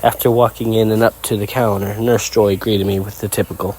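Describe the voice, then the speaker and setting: Low-voiced man narrating a story. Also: little pitch movement, fairly quick, few pauses, warm tone, a little hiss or hum. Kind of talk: first-person story narration.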